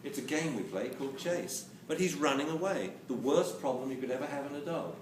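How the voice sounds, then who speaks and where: A man lectures an audience with animated, joking delivery and a voice that leaps up and down in pitch. He sounds distant, picked up from across a reverberant hall. A steady hiss sits under the recording. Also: a little fast. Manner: animated, jokey, acts out quotes. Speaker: dog training lecturer. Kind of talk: lively live lecture to an audience. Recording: roomy, distant camera mic with hiss.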